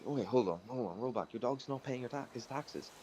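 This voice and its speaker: A man's voice: medium pitch, expressive, fairly quick, a little mellow, a little hiss or hum, natural voice. A man voicing a flustered male foot doctor who stammers and hesitates.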